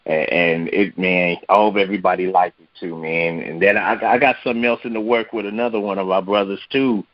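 A man's voice: deep voice, fairly even intonation, a little fast, no echo, lo-fi sound. A man who is a featured poet guest, chatting casually and easygoing, ending his phrases with "man". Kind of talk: casual chat.

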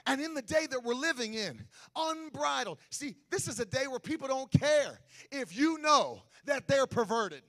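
A middle-aged man preaching a sermon, swinging from shouted, sing-song lines to quiet, close talk. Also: very high-pitched, animated, moderate pace. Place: church sanctuary.

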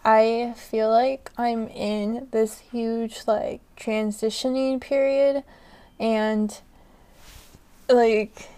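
A woman's voice: fairly high pitch, level tone, very slow, dark tone, clear, resonant tone. A young woman hosting her own podcast in casual solo chat, talking loosely with lots of fillers, frequent laughs and casual swearing, into a podcast microphone. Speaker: podcast host.

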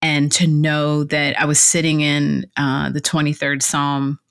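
A woman's gravelly, low voice comes a little slowly as she guests on a podcast, where she's introduced as a clarity coach and fitness instructor. She chats casually, spinning animated stories full of laughter and acted-out quotes.

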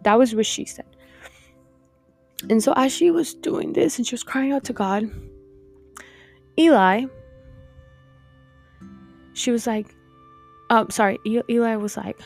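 A woman's voice: fairly high pitch, measured pace, vocal fry, long pauses, darkish tone, faint music behind. A woman hosting a podcast, giving a casual, heartfelt Bible talk full of fillers like "like" and "you know.". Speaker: podcast host teaching the Bible.

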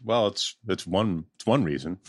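A man's voice: sits low, expressive, normal speed, no room sound. A man co-hosting a podcast, laid-back with dry humor in casual movie chat. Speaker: podcast co-host.

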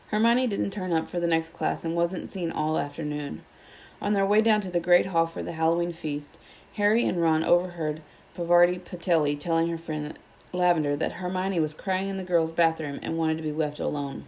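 A woman reading a children's novel aloud, with steady, plain narration. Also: lowish voice, moderate pace. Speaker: storybook reader.

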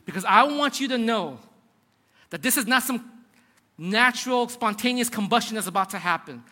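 A man's voice: sits high, lively intonation, normal speed, sharp tone, exaggerated voice. A man voicing a boastful prophet giving bold commands, as part of a sermon. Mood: commanding. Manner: commanding, declaiming. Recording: long hall reverb.

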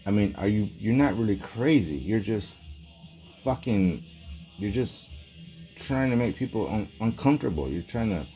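A man's voice: lowish voice, expressive, moderate pace, dark tone, highs cut off, faint music behind. A man delivering a rambling, profane, agitated monologue in casual talk.

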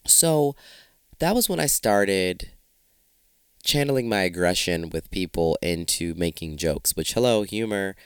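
Guy in his late 30s doing a solo podcast, low smooth voice, swears a lot, jokey, dry close sound. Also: unhurried, dry recording. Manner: profane, animated, comedic storytelling. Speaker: podcast host.

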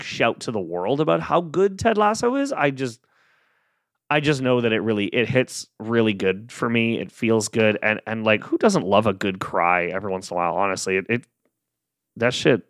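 A man's voice: fairly low pitch, expressive, moderate pace, a bit bright, dry recording. Man, podcast host, casual solo chat, rambling, self-amused, dry sound.

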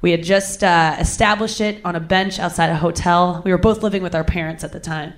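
A woman's voice: on the low side, fairly even intonation, brisk. A young woman telling a crude personal story with candid, self-mocking humor, laughing often.

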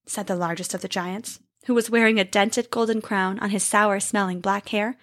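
A woman telling a storybook tale aloud with an expressive, lively reading. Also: medium pitch, normal speed, hardly any pauses, no echo, clean studio sound.

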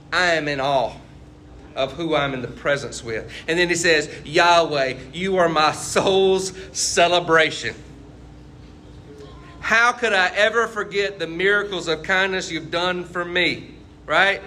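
A man's voice: on the high side, a little slow, bright, forceful tone, a little hiss or hum. A man preaching a casual, conversational sermon and asking his listeners questions as he goes. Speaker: pastor.

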